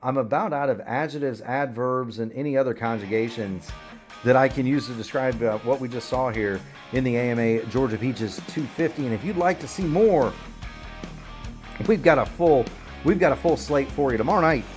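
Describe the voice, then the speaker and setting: A man's voice: medium pitch, moderate pace, darkish tone, faint music behind. A man hosting an online racing broadcast, rambling through the upcoming schedule in a folksy, chatty way. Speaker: sim racing broadcast host. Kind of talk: broadcast commentary.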